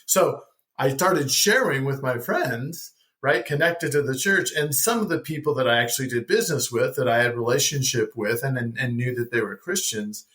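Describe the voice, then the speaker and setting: A man of ordinary middle pitch tells a personal story as a podcast guest. He talks in a casual, animated way and checks in with the listener with a quick "right?". He often repeats a word or two as he starts a new thought. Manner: animated, keeps asking "right?".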